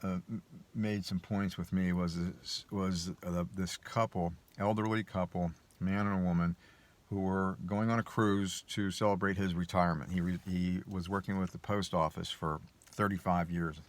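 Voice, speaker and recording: A man's voice: sits low, steady tone, moderate pace. A man telling a personal story in a casual monologue, rambling and hesitant with many restarts. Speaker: vlogger.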